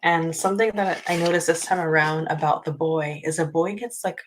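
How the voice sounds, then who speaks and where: Low, unhurried woman host, casual book chat, rambling and full of ums. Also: steady tone, noisy background. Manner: chatty, rambling, many ums.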